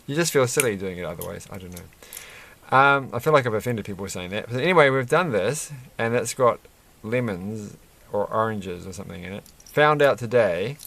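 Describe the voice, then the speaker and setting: A man's voice: on the low side, expressive, normal speed, creaky, a bit bright, slight background noise. A man chatting casually and rambling as he builds a Lego set at his desk, with lots of fillers and restarts. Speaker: Lego reviewer. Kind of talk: casual chat while building.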